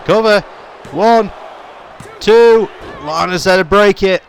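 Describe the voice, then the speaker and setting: A man's voice: sits high, slow, vocal fry, a faint crowd, slight background noise. A young man giving running play-by-play commentary on a wrestling video game, his voice jumping up on the big moves. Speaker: gaming YouTuber.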